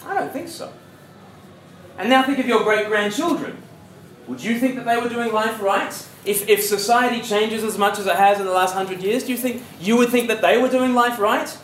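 An Australian preacher gives a jokey, conversational evangelistic talk in a university lecture hall, quizzing his audience along the way. His voice is high and fairly bright at normal speed, and the hall sounds echoey with faint noise.

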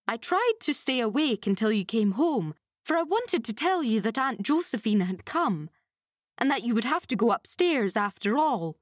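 A woman voicing a kind, tired mother speaking gently to two young girls. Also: a little high, big pitch swings, normal speed, no echo, studio quality. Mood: kindly.

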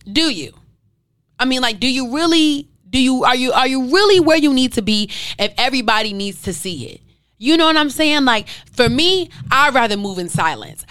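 A woman's voice: fairly high pitch, fairly bright tone, clean tone, dry recording. A woman hosting her own podcast, speaking emphatically and heartfelt straight to her listeners, piling up rhetorical questions. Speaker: podcast host. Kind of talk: casual podcast monologue.

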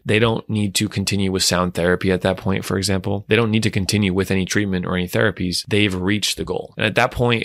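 A male audiologist calmly explaining things in an educational commentary. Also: low voice, vocal fry, no echo, clean studio sound. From United States. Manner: calm, explanatory.

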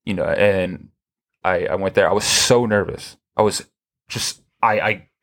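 A man's voice: low-pitched, a little slow. A man hosting a casual podcast chat, telling long rambling stories with many restarts. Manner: rambling, animated storytelling with many restarts and laughs. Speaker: podcast host.

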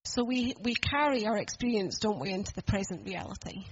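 A woman's voice: medium pitch, expressive, fairly quick, slightly rough, highs cut off. A woman preaching a sermon in a church, earnest and conversational, asking the room questions.

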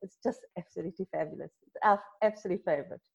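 A woman's voice: lowish voice, fast talker, creaky, husky. A woman chatting as a guest, effusive and enthusiastic, heard over dull lo-fi remote audio. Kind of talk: casual chat.

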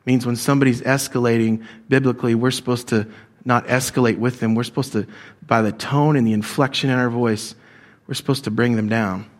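A man's voice: medium pitch, steady tone, brisk. A male pastor preaching a sermon in a conversational way, often asking the congregation direct questions.

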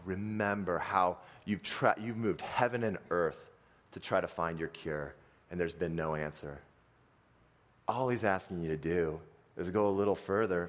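A preacher voicing a soft-spoken pleading servant. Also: male voice. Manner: soft, low and earnest, slowing on key words. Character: wise brave male servant pleading gently.

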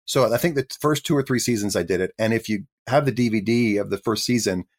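A man in his fifties with a fairly low voice tells stories from his acting career as an interview guest. He is chatty and self-deprecating, often slipping into quick voices as he quotes people. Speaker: guest actor. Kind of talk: casual interview storytelling.

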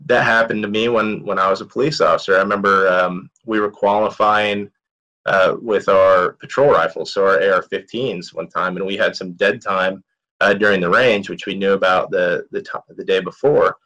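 Male speaker, thirties, lower voice, conversational storyteller with fillers. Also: a bit bright, rough recording. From United States. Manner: candid, conversational, many fillers. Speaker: motivational speaker. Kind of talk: storytelling talk.

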